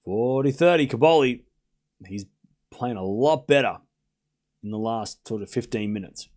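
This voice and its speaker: A man calling a tennis match live for his stream, excitable and chatty, chuckling between points. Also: medium pitch, moderate pace. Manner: excitable play-by-play, chatty, laughs often. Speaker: streamer host. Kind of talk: live watchalong commentary.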